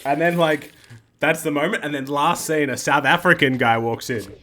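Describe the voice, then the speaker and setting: A man's voice: on the high side, fairly even intonation, moderate pace, sharp tone. Rambling joking male gamer. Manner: rambling, joking, self-interrupting. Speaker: gaming video host. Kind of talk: casual game commentary.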